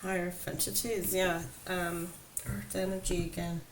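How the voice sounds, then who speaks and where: A woman's voice: fairly low pitch, flat delivery, a little slow, poor audio. Chatty woman reading tarot. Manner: enthusiastic, chatty, laughs often. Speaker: tarot reader. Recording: faint background noise.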